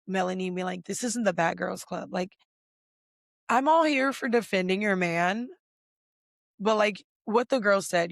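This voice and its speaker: Gravelly, blunt, profane podcast host. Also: mid-range voice, a little slow, pauses often, dry recording, studio quality. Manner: blunt, profane, emphatic ranting; filler-heavy with many "like"s. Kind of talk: casual pop culture recap.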